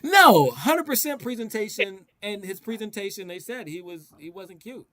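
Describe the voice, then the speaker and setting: A man's voice: sits high, sing-song, normal speed, pushed and bright. A man in a casual faith discussion, speaking emphatically and often repeating himself as he agrees with the others. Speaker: discussion panelist.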